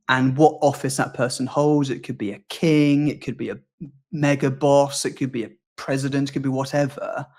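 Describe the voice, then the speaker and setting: Male UK speaking coach, mid-pitched, fluent and animated, acts out examples. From United Kingdom. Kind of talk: podcast interview conversation.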